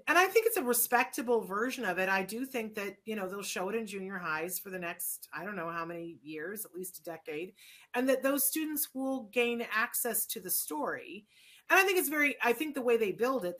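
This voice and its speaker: A woman's voice: medium pitch, animated, normal speed, a bit bright. A woman hosting a talk show, chatting in a rambling, opinionated way with many restarts. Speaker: show host. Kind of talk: casual chat.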